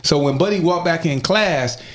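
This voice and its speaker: A man hosting a podcast, telling a story in casual chat, profane and animated and often laughing. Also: on the high side, normal speed. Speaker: podcast host.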